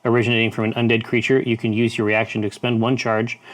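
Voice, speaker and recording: A man running a tabletop game, describing items in a measured way with small restarts. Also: medium pitch, little pitch movement. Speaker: game master.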